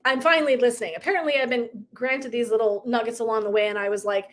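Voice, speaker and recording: A woman's voice: on the high side, fairly even intonation, fast talker, a bit bright. A middle-aged woman coach talking casually and emphatically to her viewers, with asides and tangents. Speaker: purpose and legacy coach. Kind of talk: casual motivational talk to viewers.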